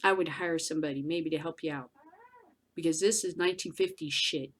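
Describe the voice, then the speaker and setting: A woman hosting a news commentary show, ranting bluntly and profanely, going from loud outbursts to low muttering. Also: fairly even intonation, fairly quick. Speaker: podcast host.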